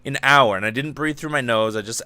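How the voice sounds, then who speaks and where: A man's voice: medium pitch, fairly quick, sharp tone, clean tone, dry recording. A young man hosting a casual livestream podcast, rambling and giddy, lightheaded from fumes, swearing freely. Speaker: podcast host.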